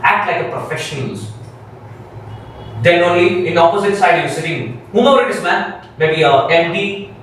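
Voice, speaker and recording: A man's voice: fairly high pitch, moderate pace, long pauses, slight background noise. Echoey, far-off Indian man lecturing. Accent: Indian English. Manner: animated, emphatic lecturing with quoted dialogue. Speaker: career trainer. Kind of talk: classroom lecture.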